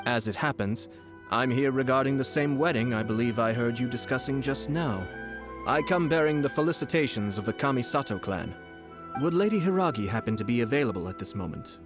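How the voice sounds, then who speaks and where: A man voicing a poised young noble from a video game who speaks with measured, formal courtesy. His voice sits at a middle pitch. Soft game music plays behind him. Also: lively intonation, close to an everyday voice.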